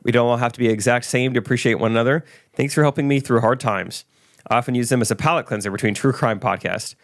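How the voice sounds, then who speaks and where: A man's voice: medium pitch, dry recording, clean studio sound. A man co-hosting a podcast, joking around and reading out a listener review. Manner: joking, quick to laugh. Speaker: podcast co-host.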